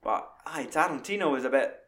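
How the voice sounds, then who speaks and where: A man's voice: on the high side, fairly quick. Sweary man chatting about films. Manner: sweary, animated, enthusiastic. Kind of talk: casual film chat.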